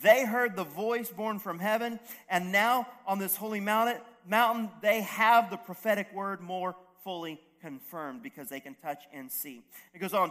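A man's voice: sits high, fairly even intonation, moderate pace, few pauses, sharp tone. A man preaching a sermon as a pastor, conversational, with restarts and asides to the congregation.

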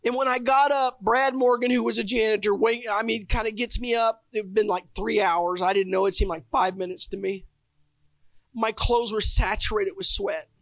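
A man's voice: high voice, steady tone, normal speed, creaky, fairly bright tone, dry recording. A man preaching a sermon, telling his own stories with fervent emotion. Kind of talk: testimonial sermon. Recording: dull, dry lo-fi recording.

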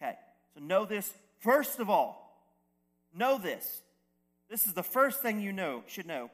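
A man's voice: sits high, big pitch swings, unhurried, a bit bright. A man preaching a sermon as a pastor, conversational, with restarts and asides to the congregation.

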